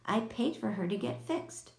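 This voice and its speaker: A woman's voice: mid-range voice, expressive, moderate pace, creaky. A woman reading aloud, voicing a stubborn, unreasonable adult woman. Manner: stubborn, curt. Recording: echoey room.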